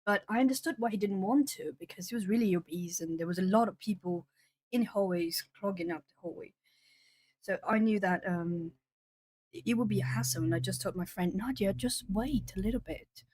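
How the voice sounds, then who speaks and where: A woman's voice: mid-range voice, brisk, a little mellow. A woman from southern Brazil, a native Portuguese speaker, chatting casually on an art livestream, rambling with plenty of fillers. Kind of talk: casual chat with live chat.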